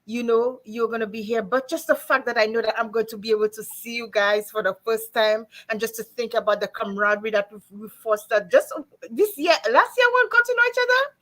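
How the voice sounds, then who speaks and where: A woman with a fairly high voice shares a personal testimony on a talk panel. She is earnest and lets small laughs slip through the emotion. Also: brisk, a bit bright, poor audio.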